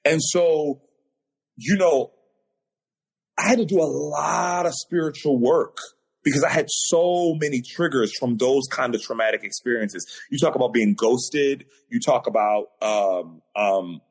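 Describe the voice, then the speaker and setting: A man's voice: mid-range voice, a little slow, gravelly, breathy edge. A man, a podcast guest on a video call, telling a personal story in an earnest, emotional way that grows in intensity.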